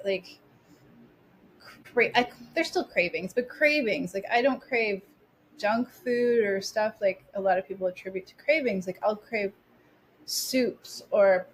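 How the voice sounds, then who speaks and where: A woman in her forties, a podcast guest telling stories in a chatty, animated way with lots of restarts. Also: a little high, a little hiss or hum. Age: 40s. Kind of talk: casual interview storytelling.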